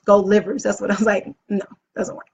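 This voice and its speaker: A woman hosting a casual live video as an event planner, upbeat and chatty, often gushing about how excited she is. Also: mid-range voice, brisk, gravelly, a little hiss or hum. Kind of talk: casual live-stream talk. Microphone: phone or webcam live stream. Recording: dull lo-fi live-stream audio.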